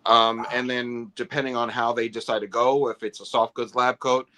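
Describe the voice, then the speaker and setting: Forceful, bright-voiced man talking toys. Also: medium pitch, flat delivery, moderate pace. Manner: detailed, opinionated breakdowns of figure sculpts. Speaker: toy collecting livestream co-host. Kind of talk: casual chat.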